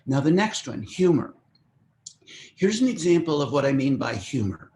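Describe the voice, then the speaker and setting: A man's voice: fairly high pitch, very animated, moderate pace, a little mellow, a little hiss or hum. An older man giving a conversational, easygoing parenting talk in an online meeting, with friendly asides as he teaches. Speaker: parenting workshop presenter. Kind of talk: webinar talk. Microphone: web meeting microphone.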